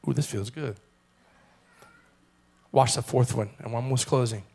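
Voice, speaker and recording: A man preaching a sermon as pastor, calling on the congregation to repeat phrases and building to loud, fervent passages. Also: medium pitch, normal speed, vocal fry, breathy edge. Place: church.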